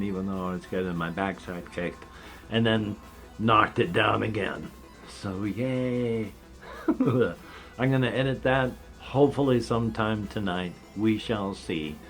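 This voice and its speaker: A man's voice: lowish voice, a bit bright. A man in his fifties talking in a rambling, casual vlog monologue, wry and meandering, with a slight whistle from dentures. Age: 50s. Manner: meandering, wry gallows humor, trailing off. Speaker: vlogger.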